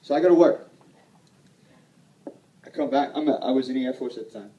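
A man's voice: medium pitch, brisk, dark tone, roomy sound, far from the mic, muffled recording. A man telling a personal story to an audience at an event, self-deprecating and rambling, laughing often. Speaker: speaker at a sales event.

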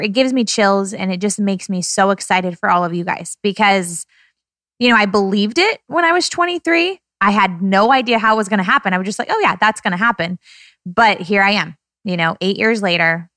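Woman, 30s, podcast host, teary and effusive, mid-pitched, dry studio sound. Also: a bit bright, dry recording. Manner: heartfelt, tearful, effusive. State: close to tears. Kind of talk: emotional casual podcast talk.

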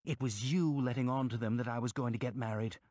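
A man's voice: mid-range voice, steady tone, dry recording, lo-fi sound, lightly acted. A man voicing a bitter, hot-tempered young man who speaks in a grating, accusing way in a storybook reading. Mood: furious. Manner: grating, accusing, quick and sharp.

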